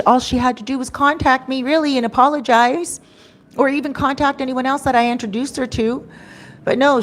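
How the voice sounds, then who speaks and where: A woman telling a story to camera in a chatty vlog, acting out what people said, into a microphone. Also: medium pitch. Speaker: storytime vlogger.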